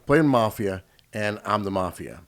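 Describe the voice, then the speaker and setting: A man's voice: fairly low pitch, animated, measured pace. A man in his forties hosts a casual podcast conversation. He talks candidly, hammering home points by repeating himself, and laughs as he tells stories. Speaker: podcast host.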